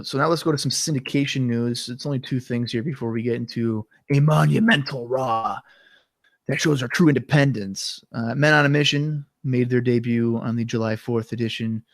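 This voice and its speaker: A man's voice: mid-range voice, fairly even intonation, moderate pace, no room sound. Chatty man with a catching throat. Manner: chatty, loose, trails off at sentence ends. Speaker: podcast co-host. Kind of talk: casual chat recapping wrestling.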